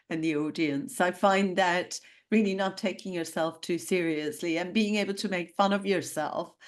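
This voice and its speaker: A woman hosts a relaxed interview podcast and laughs often between her thoughts. She speaks slowly, and her pitch moves around a lot as she talks. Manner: laughs often, restarts phrases. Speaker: podcast host. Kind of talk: casual interview chat.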